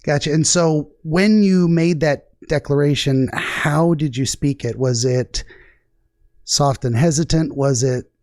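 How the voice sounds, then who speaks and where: A man hosting an interview about a dream, asking calm, careful follow-up questions. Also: on the high side, a little slow, no echo, clean studio sound.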